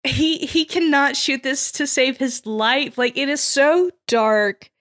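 A woman hosting a podcast in casual chat, recapping scenes with lively energy, laughing often and acting out characters' lines. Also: high voice, takes it slowly. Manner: animated, laughs often, acts out quotes. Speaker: podcast host.

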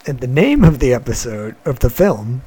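A man's voice: medium pitch, sing-song, normal speed, mellow, slightly rough. A man hosting a podcast, casually retelling a cartoon episode in a loose, chuckling, wandering way. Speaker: podcast host.

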